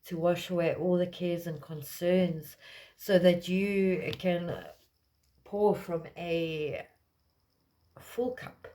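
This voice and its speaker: A woman gives a relaxed collective card reading, wandering from thought to thought with plenty of fillers. Her voice sits a little low and sounds soft and mellow rather than bright. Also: slow pace. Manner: meandering, lots of fillers. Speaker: tarot reader. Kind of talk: casual spiritual reading.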